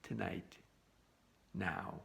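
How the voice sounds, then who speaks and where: A man voicing the angel of death as a grim, unyielding male figure who gives terse, flat refusals in a story he is telling. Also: extremely slow. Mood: cold.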